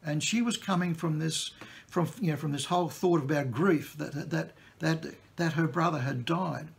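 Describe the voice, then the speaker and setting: Guy preaching a sermon, kinda gravelly voice, talks plain and casual like he's just explaining stuff. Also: a little high, normal speed. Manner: plain-spoken, conversational teaching.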